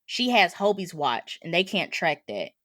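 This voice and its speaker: A woman's voice: fairly low pitch, very animated, unhurried, fairly bright tone, dry recording, studio quality. A woman co-hosting a podcast, casually and animatedly talking through movie details. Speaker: podcast co-host. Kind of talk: casual chat.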